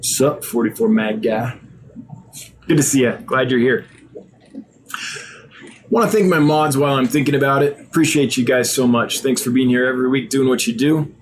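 A man's voice: medium pitch, normal speed, long pauses, slight background noise. A tired man hosting a live stream, reading viewer usernames aloud and chatting casually, sometimes stumbling over words.

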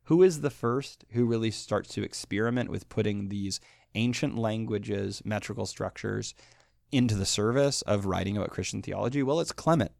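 Animated guy lecturing on poetry, low gravelly voice, dry close sound. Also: moderate pace, no echo. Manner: animated, emphatic, chants rhythms aloud. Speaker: teacher.

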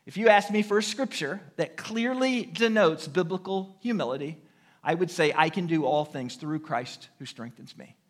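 A man's voice: a little high, moderate pace. A man preaching a sermon, earnest and repeating his key phrases for emphasis. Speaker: pastor. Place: church sanctuary.

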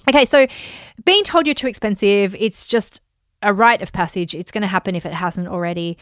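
A woman hosting her own podcast, coaching listeners on money and pricing in an upbeat, animated way and often acting out calm replies. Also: mid-range voice, brisk, dry recording, studio quality. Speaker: podcast host and business coach. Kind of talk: motivational solo podcast talk.

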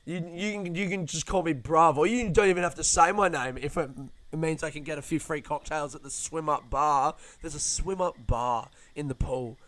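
A man's voice: on the high side, normal speed, few pauses, a bit bright, dry recording. A young man hosting a podcast, rambling through a casual, self-deprecating, sweary monologue. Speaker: podcast host, comedian.

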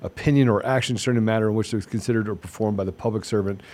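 A man hosting a talk show, explaining things step by step and rushing through quoted legal wording. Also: on the low side, steady tone, a little mellow. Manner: explanatory, reads legal text in a quick rush. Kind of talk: casual chat.

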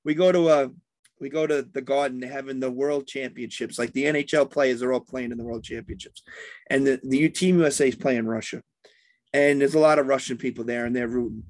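A man's voice: medium pitch, fairly even intonation, brisk, a little mellow, dry recording. A man in casual sports chat, telling rambling stories with many restarts.

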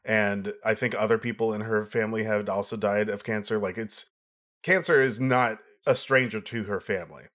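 Lower-voiced man giving thoughtful film critique. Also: steady tone, moderate pace, a bit bright. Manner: thoughtful, explains at length. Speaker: podcast co-host. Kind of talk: casual film review chat.

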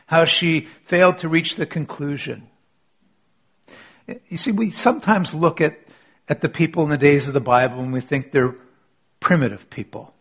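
Male pastor, husky tone, sermon with hushed dramatic moments. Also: on the high side. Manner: dramatic, drops to near whisper for emphasis. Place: church with online audience.

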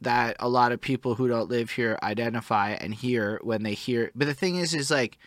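A man's voice: medium pitch, moderate pace, fairly bright tone, dry recording, studio quality. Montreal man in a casual podcast chat. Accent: English-speaking Montreal. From Montreal, Canada. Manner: earnest, explains with repeated restarts and casual swearing.

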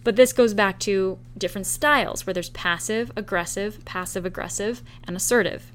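A woman's voice: mid-range voice, moderate pace, a bit bright. Woman talking through her points conversationally. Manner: conversational, explains with acted-out example quotes. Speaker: podcast host. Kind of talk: solo podcast talk on relationships.

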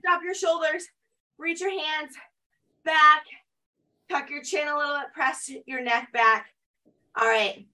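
A woman's voice: high voice, a little slow, long pauses, pushed and bright, far from the mic. A woman leading a guided workout class, mixing upbeat coaching cues with chatty asides while she exercises. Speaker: fitness instructor.

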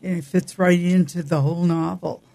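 A man's voice: high voice, fairly even intonation, normal speed, vocal fry, mellow. A man co-hosting a casual book chat, mostly agreeing with the host and adding short remarks. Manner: agreeable, supportive, chiming in. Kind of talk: casual chat about books.

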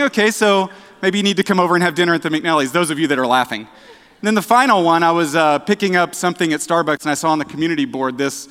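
A man preaching a casual sermon, chatty and self-deprecating, with halting restarts and dad jokes. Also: on the high side, expressive, fairly bright tone. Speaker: director of outreach, preaching. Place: church sanctuary. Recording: echoey church hall.

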